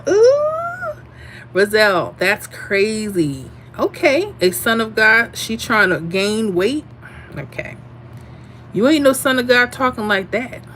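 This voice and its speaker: A woman's voice: medium pitch, measured pace, slight background noise. A woman hosting a casual livestream, chatting sassily and telling stories while reading viewer comments. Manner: sassy, animated storyteller. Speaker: livestream host.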